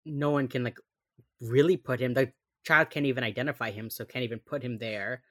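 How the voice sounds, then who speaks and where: A young woman co-hosting a casual chat, recapping a TV episode and acting out quotes with sudden loud bursts. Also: a bass voice, fairly even intonation, brisk. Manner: chatty, acts out quotes with sudden yells. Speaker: podcast co-host recapping a TV episode.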